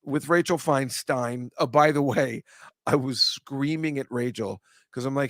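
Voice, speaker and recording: A man's voice: medium pitch, a little slow, a bit bright, no echo. A talkative man hosts a loose comedy chat show. He rambles and starts sentences over, and he keeps laughing partway through them. The sound is dry and close to the mic. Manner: rambling, chatty, self-interrupting with laughs. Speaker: comedian host. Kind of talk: casual chat.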